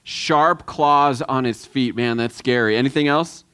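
A pastor giving a sermon in a conversational way, with many halting restarts and questions to the room. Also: male voice, medium pitch, fairly bright tone, clean tone.

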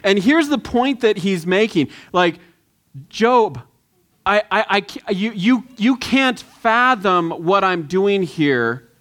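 Guy pastor with a high voice, chatty sermon, lots of restarts. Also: expressive, fairly bright tone. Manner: conversational, halting restarts.

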